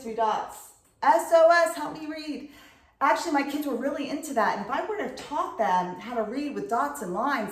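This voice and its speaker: A middle-aged woman, a reading tutor, patiently explaining and clearly sounding out syllables in an instructional video. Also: mid-range voice. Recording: echoey room.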